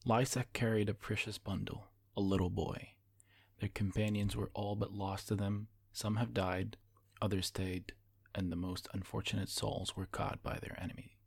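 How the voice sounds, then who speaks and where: A man from Egypt, a fantasy author, reading his own novel aloud in steady, measured narration. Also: lowish voice, vocal fry, husky.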